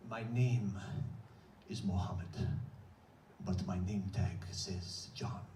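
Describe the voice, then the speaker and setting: A man voicing a young, skinny Egyptian store clerk with a heavy accent, speaking slowly and solemnly like a sage. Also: low-pitched, steady tone, mellow, a little hiss or hum, voice pushed down. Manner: slow, solemn, prophetic. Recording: echoey stage from far off.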